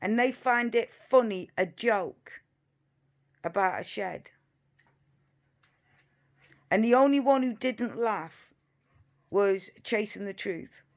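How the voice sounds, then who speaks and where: A woman's voice: mid-range voice, takes it slowly, long pauses. A woman giving reaction commentary on video clips, emphatic and indignant, repeating her points, sometimes sarcastic.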